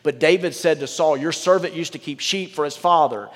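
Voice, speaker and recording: Man preaching with a fairly high voice. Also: a little fast, big-room sound, noisy background. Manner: reads scripture aloud, then breaks off into candid, joking asides. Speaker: pastor. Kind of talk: sermon. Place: large church with a balcony.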